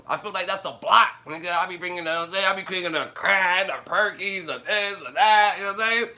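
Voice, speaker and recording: High-pitched and sharp, the man talks fast with few pauses. He's a livestreamer on a casual stream, ranting and telling blunt, profane stories in slang, frequently laughing mid-sentence.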